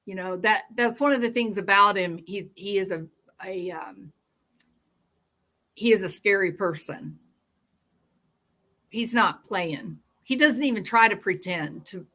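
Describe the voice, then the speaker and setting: A woman's voice: mid-range voice, unhurried, pauses often, bright, forceful tone. A woman hosting a true-crime livestream, chatting casually and reading viewer comments with sarcastic, rambling asides.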